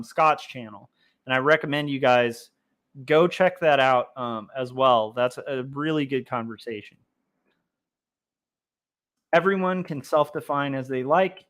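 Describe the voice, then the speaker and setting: A man with a mid-range, fairly bright voice hosts a comics-drawing livestream. He rambles casually, reads chat messages out loud, and often restarts or fills gaps with filler words.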